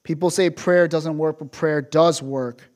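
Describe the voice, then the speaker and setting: A young adult man preaching as a pastor, animated and emphatic, dropping to soft asides. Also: a little high, unhurried. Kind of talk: sermon.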